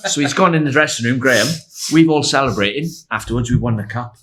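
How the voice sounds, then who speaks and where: A man in his sixties, a former footballer, telling animated anecdotes as a podcast guest and laughing as he goes. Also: mid-range voice, fast, few pauses. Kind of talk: anecdotal storytelling.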